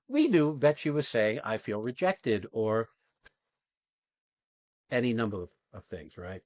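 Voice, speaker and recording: A man coaching actors after an exercise, talking casually and acting out quoted lines in animated bursts, often asking "right?" and swearing now and then. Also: medium pitch, measured pace, long pauses, dry recording. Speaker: acting coach and podcast host.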